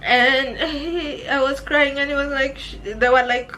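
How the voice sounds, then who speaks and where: Young Kenyan woman vlogger, bright high voice, emotional storyteller who keeps repeating herself. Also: fairly even intonation, unhurried, a little hiss or hum, low-quality recording. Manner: emotional, addresses viewers as guys, repeats herself. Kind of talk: personal storytelling vlog.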